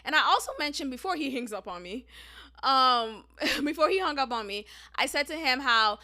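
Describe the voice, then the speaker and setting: High, bright-voiced woman telling a story. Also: moderate pace. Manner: emphatic, animated, profane, addresses listeners as y'all. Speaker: podcast host. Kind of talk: casual storytelling monologue.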